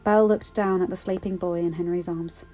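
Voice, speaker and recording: A woman reading a fan fiction story aloud in a calm, even manner. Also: on the low side, fairly quick, highs cut off, faint music behind. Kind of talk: audiobook narration.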